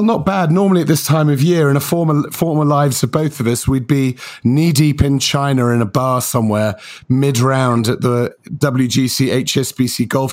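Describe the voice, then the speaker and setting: A man co-hosting a podcast in casual chat. He rambles, hesitates and restarts his sentences often. His voice sits at a middle pitch and is recorded close and dry, with no room sound. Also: a little mellow, no echo. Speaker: podcast co-host.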